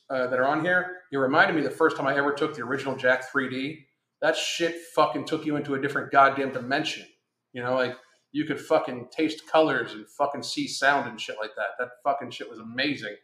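A middle-aged man with a medium-pitched, slightly bright voice hosts a casual podcast livestream, reading live chat comments. He's blunt, profane and rambling, and the recording has a roomy echo.

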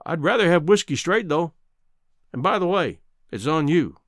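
A man voicing a brash, loud cowboy rancher who talks in drawling frontier slang. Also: a little high, lively intonation, normal speed, no echo, studio quality. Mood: boisterous.

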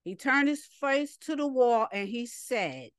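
A woman's voice: fairly high pitch, sing-song, a little slow, a bit bright, clean tone, no room sound, clean studio sound. A woman leading a Sabbath Bible lesson, reading verses aloud and breaking off to comment in an emphatic, scolding, rhetorical way. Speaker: Bible study teacher.

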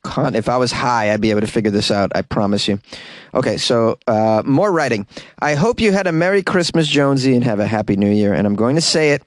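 Playful rambling podcast host, dry close mic. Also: male voice, fairly low pitch, fast, dry recording. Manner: playful, rambling, breaks into silly singing. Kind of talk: casual solo podcast chat.

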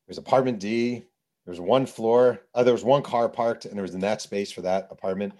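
A man with a fairly low voice talks as an author and journalist being interviewed. He tells his anecdotes in a lively, conversational way. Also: fairly quick. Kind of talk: conversational storytelling.

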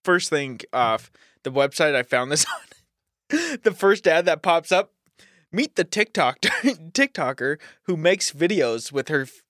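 A man co-hosting a podcast who chats casually in an animated way and chuckles as he talks. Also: on the high side, measured pace, dry recording, studio quality. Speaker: podcast co-host. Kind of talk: casual chat.

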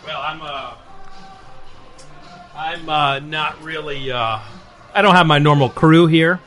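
A man's voice: on the high side, slow, a bit bright. Joking man host, faint music behind. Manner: loose, joking, rambling. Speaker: podcast host. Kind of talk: casual chat. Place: bar.

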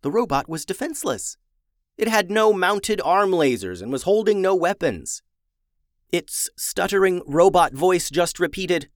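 A man reading a children's story aloud, expressive and animated. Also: high voice, measured pace, no room sound, clean studio sound. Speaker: narrator.

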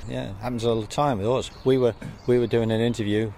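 A man's voice: medium pitch, fairly even intonation, quick pace, gravelly, mellow, a little hiss or hum. An older man, telling wry anecdotes in an interview, outdoors by a road. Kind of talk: anecdotal conversation.

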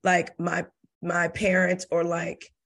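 A woman's voice: on the low side, monotone, fairly bright tone. A middle-aged woman in casual conversation on a podcast, telling reflective stories in a chatty way. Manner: chatty, quick bursts of reflective storytelling. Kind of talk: casual chat.

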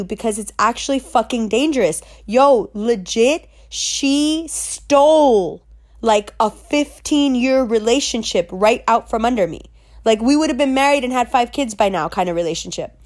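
A middle-aged woman telling a story in a casual, blunt rant, heavy with slang and swearing. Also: on the high side. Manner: blunt, profane and emphatic; streetwise slang.

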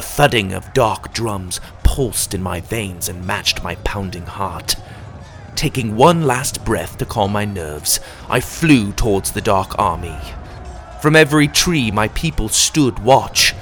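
A man narrating a fantasy storybook in the first person with a dramatic, animated reading. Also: fairly low pitch, takes it slowly, faint music behind.

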